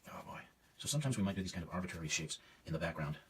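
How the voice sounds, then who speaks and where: A man's voice: sits low, lively intonation, very fast, distant mic, a little hiss or hum. A man teaching a painting demonstration, thinking aloud as he works, casual and self-critical with hesitant fillers. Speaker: art teacher.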